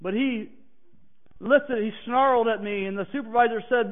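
A man preaching a personal testimony who swings from hushed, halting passages to emphatic declarations. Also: very high voice. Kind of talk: sermon testimony. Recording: tinny phone-like sound.

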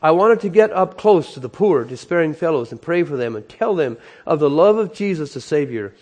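Male preacher, dramatic sermon storyteller, slightly high voice. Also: animated, fairly quick. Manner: dramatic, emotional, swinging loud and soft.

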